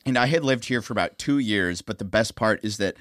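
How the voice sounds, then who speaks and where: A man's voice: lowish voice, fairly quick, no echo. Musician guy hosting a podcast, telling a story, voice bounces around a lot, dry close sound. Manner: animated, anecdotal. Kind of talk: casual storytelling chat.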